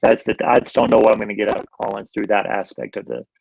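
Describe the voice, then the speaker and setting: Man, sports talk co-host, gravelly voice, rambling, dull lo-fi sound. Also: on the low side, big pitch swings, quick pace, darkish tone, dry recording. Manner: rambling, emphatic, repeats himself.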